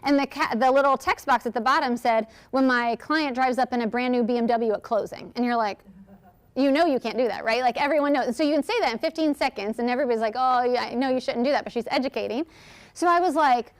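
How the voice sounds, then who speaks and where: A woman giving a lively, chatty workshop talk, answering audience questions and acting out quotes. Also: on the high side, quick pace. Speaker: speaker at a workshop.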